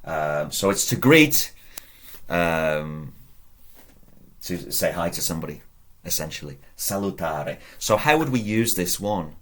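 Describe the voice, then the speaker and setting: A man's voice: low voice, animated, a little slow, a bit bright. A man teaching Latin at a whiteboard, patiently drilling verb endings aloud and encouraging his viewers. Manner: patient, drills conjugations aloud with rising emphasis; encouraging, addresses viewers directly. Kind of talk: whiteboard lesson.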